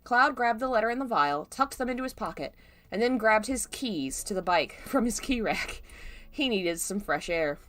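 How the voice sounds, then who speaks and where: A woman reading fan fiction aloud on a live stream. Her pitch jumps around with an animated, expressive lilt. She reads in an amused tone and keeps stepping out of the text to comment. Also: normal speed. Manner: amused, laughs and breaks off to comment. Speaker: fanfiction reader.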